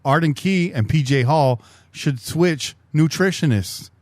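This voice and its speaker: A man with a lively, slightly high voice who talks slowly and drags out his jokes. He co-hosts a casual sports podcast, recorded close and dry. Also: dry recording. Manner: joking, laughs often, drawn-out delivery. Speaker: podcast co-host.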